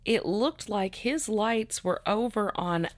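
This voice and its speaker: A woman's voice: mid-range voice, slow pace, no room sound. A woman co-hosting a podcast, chatting casually and rambling a little as she tells her own story, laughing easily. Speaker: podcast co-host. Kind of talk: casual chat.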